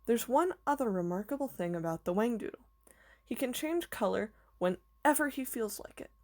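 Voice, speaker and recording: A woman reading aloud voices a kindly, eccentric old male professor who explains things gently and patiently. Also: on the high side, animated, moderate pace. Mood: warm, explaining.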